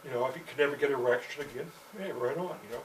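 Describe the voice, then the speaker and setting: Man, mid-pitched, meandering profane storyteller full of fillers; recorded from afar with light background noise. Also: racing. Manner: meandering, profane, constant "you know" fillers. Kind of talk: rambling personal storytelling monologue. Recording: distant mic with faint background noise.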